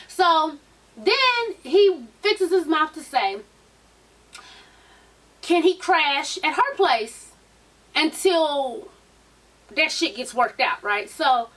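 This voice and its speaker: A woman giving a casual, profane recap of a reality show as a vlogger, sassy and animated, with a lot of swearing. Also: high-pitched, far from the mic, poor audio.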